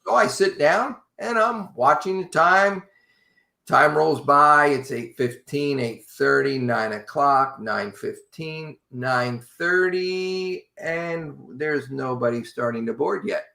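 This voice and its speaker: A man casually telling a long travel story to a podcast host in an animated, wry way. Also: a little high, slow pace, creaky. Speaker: podcast guest. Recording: roomy echo.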